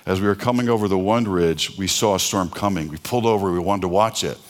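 Deep-voiced man preaching conversationally. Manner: conversational storytelling with pauses, asides and rhetorical questions. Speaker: pastor. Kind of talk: sermon.

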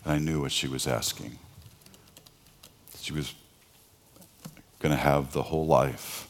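Deep-voiced man preaching conversationally. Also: fairly even intonation, creaky. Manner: conversational storytelling with pauses, asides and rhetorical questions. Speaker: pastor. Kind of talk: sermon.

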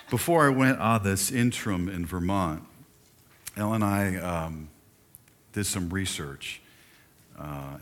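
An older male pastor with a very low voice delivers a sermon in a church. He preaches in a loose, conversational way, pausing for friendly asides to the people in the pews. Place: church sanctuary.

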